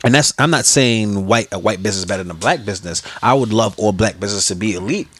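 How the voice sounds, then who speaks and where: A man's voice: fairly low pitch, fast talker, slightly rough. A young man hosting a podcast in blunt, profane casual chat, acting out quotes as he tells stories. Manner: blunt, profane, lively storytelling with voiced quotes. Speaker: podcast host.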